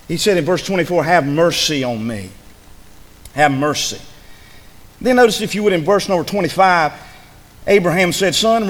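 A man preaching a sermon to his congregation, swinging from loud shouts down to hushed, low pleading. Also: in a large hall. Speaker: pastor. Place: church sanctuary.

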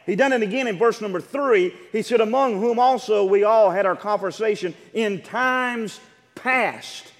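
High-pitched preacher man, emphatic sermon, long hall reverb, asks the crowd questions. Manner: emphatic preaching with rising shouts and drawn-out words; calls out questions to the congregation. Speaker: pastor.

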